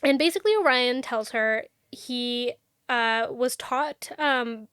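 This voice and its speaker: A woman's voice: on the high side, slow pace, a bit bright, smooth, no room sound, studio quality. A young adult woman co-hosting a podcast, recapping a book in a rambling, sarcastic, casual way. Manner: rambling, sarcastic, filler-heavy. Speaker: podcast co-host.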